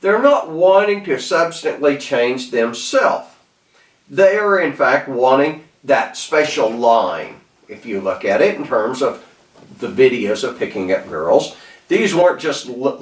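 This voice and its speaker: A man with a Southern accent giving a casual, rambling talk on self-improvement, in a folksy way with many restarts. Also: mid-range voice. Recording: echoey room, mic at a distance.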